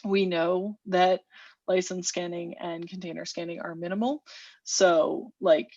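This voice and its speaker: A woman engineering manager speaking slowly and deliberately in a work video-call meeting. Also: fairly low pitch, steady tone, a little mellow, no room sound, highs cut off.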